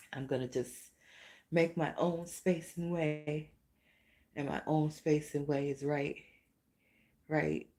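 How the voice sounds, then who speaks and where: A woman hosting a casual vlog-style podcast, telling a rambling, animated story with repeated questions. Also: fairly low pitch, vocal fry, a little hiss or hum. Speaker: podcast host.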